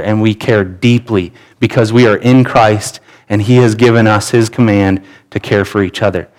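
A man in his thirties delivers a sermon from the pulpit of a church. He talks in an earnest, conversational way, often restarting his sentences as he goes, at a middle pitch. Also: low-quality recording. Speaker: pastor. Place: church sanctuary.

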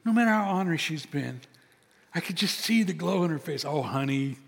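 A man's voice: sits high, expressive, brisk, creaky, a bit bright, husky. An older man preaching a sermon as pastor, talking conversationally and acting out little scenes of dialogue. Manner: conversational, storytelling, acts out dialogue. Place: church sanctuary. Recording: long reverb of a large hall.

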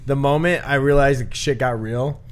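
A man's voice: medium pitch, normal speed. A man hosting a podcast, telling a story in casual chat, swearing freely. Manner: profane, animated storyteller. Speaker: podcast host. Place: room with a dryer running nearby.

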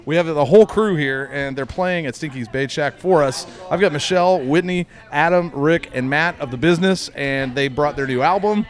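A man's voice: fairly high pitch, normal speed, hardly any pauses. A man hosting a casual radio interview with a band in a bar, friendly and joking, with plenty of fillers. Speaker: radio show host. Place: bar with a live band setup.

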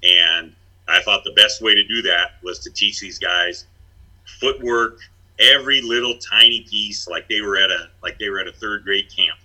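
A man's voice: lowish voice, moderate pace, pushed and bright, poor audio. A middle-aged man, a former basketball head coach, telling stories in a blunt, self-deprecating way. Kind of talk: casual chat.

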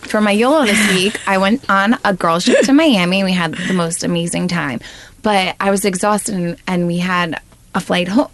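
A young woman co-hosting a podcast, chatting casually and telling a story with quick restarts. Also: mid-range voice, a little hiss or hum. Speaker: podcast co-host. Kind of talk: casual chat.

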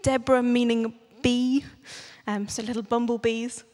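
A woman's voice: on the high side, fairly even intonation, unhurried, a little mellow. A young woman preaching a sermon in a church, chatty and playful, asking the congregation questions. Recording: long church reverb.

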